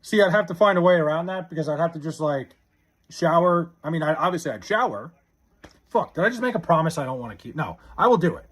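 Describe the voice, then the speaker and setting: A young man talks off the cuff on a live stream, rambling, swearing and restarting his sentences. His voice sits a bit high and swings a lot in pitch, with a husky edge. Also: lively intonation, fast, a bit bright. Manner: rambling, profane, with frequent restarts. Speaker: livestreamer reading chat. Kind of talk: casual live-stream chat.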